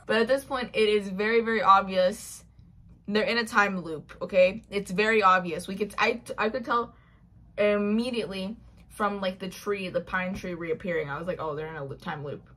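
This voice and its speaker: A young woman recaps a book in a chatty, gushing way, slipping into quick acted-out lines for each character. Her voice sits at a middle pitch and has a slightly husky, breathy edge. It sounds like a casual vlog recorded on a built-in mic. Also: bright, forceful tone. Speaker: book reviewer.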